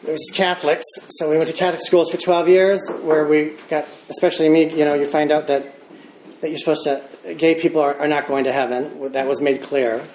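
A man's voice: fairly high pitch, little pitch movement, fairly quick, a little mellow. A man in his fifties with an American accent gives a personal testimony at a recovery meeting. He tells his story with chuckles and self-deprecating humor. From Michigan, United States. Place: large meeting room. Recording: echoey room with background noise.

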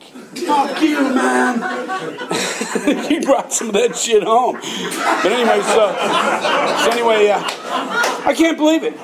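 A man's voice: high voice, vocal fry. An older man telling a rambling, profane story in casual chat, often laughing as he talks. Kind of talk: casual anecdote.

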